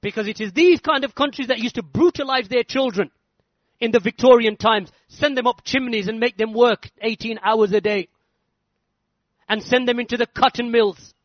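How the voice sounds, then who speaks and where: A man's voice: very high-pitched, normal speed, no room sound. A man giving an emphatic religious lecture, hammering points through repetition. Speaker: Islamic lecturer. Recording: dull lo-fi dry recording.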